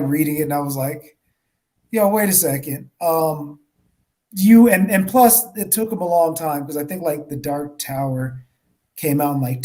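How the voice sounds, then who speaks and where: A man's voice: on the high side, a little mellow. A man co-hosting a book club podcast, ranting with lots of swearing and mocking impressions. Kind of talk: casual podcast chat.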